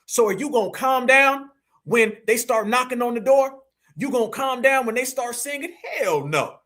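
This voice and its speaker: A man's voice: very high voice, steady tone, moderate pace, fairly bright tone. A man hosting a reaction video, preaching and rallying his audience with repeated hype calls. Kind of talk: energetic reaction commentary.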